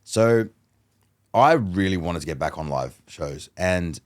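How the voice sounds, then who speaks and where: A man, a mentalist guest on a podcast, chatting casually and telling animated stories that act out both sides of a conversation. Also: deep voice, slow pace. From Australia. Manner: animated storyteller who acts out dialogue.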